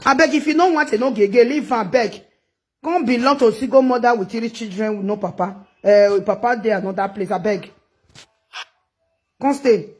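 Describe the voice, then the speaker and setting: A woman's voice: on the high side, moderate pace, a little mellow, a little hiss or hum. A Nigerian woman giving rambling, chatty gossip commentary into her phone, mixing in local phrases and laughing often. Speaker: social media commentator.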